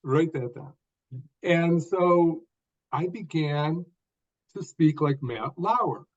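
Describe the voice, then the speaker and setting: An older man tells his story as a podcast guest, speaking in short deliberate phrases and leaning on key words. His voice sits a little high for a man. The audio is dull and lo-fi, as if from a video call. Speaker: guest author.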